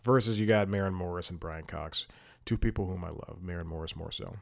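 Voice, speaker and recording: A man's voice: low-pitched, a little fast, gravelly. A man hosting a casual podcast, talking in long, digressive stories and laughing at himself. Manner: rambling, digressive, self-amused. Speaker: podcast host. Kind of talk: casual talk-show commentary.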